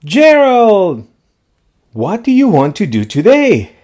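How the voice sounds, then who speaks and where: A man's voice: sits high, wildly swooping pitch, slow pace, darkish tone, exaggerated voice. A man voicing a cheerful, caring female pig in a picture book read-aloud, friendly and inquisitive.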